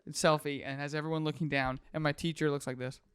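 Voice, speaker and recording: A podcast host in his twenties tells a story with lots of energy, acting out the characters and sound effects in a casual, animated chat. His voice is a little high, quick and smooth, with no room sound.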